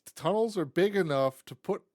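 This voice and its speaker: A man's voice: sits high, lively intonation, a little fast, a little mellow, no room sound, studio quality. A man co-hosting a casual podcast chat, recapping loosely and correcting himself as he goes. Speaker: podcast co-host.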